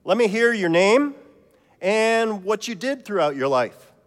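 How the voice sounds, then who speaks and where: Man voicing heaven's gatekeeper, formal, welcoming, a bit high, echoey. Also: very animated, a little slow.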